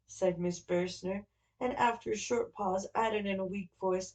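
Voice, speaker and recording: A woman narrating a classic novel in a steady, even storytelling manner. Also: mid-range voice, a little slow, rough recording. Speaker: audiobook narrator.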